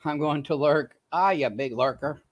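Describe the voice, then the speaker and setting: Man hosting a casual livestream, slightly higher voice, chatty with viewers, worn out and sore. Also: moderate pace. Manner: chatty, greets viewers by name. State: tired and in pain. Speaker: livestream host.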